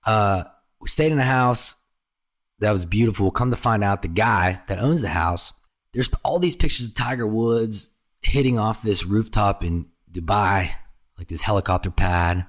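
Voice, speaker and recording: A man with a somewhat low voice tells stories in casual conversation. He is animated, jumps into other people's voices and swears freely. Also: normal speed. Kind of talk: casual storytelling chat.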